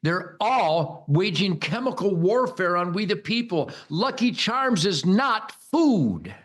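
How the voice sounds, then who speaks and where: An older American man hosting a rambling, mocking political monologue, bombastic and loud, with sudden high-pitched outbursts. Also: sing-song, slow pace. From United States. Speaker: host.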